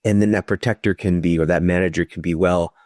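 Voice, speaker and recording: Deep-voiced man explaining therapy calmly. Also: fast talker, no echo, studio quality. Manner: thoughtful, explanatory, acts out inner voices. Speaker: psychotherapist guest. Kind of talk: conversational podcast interview.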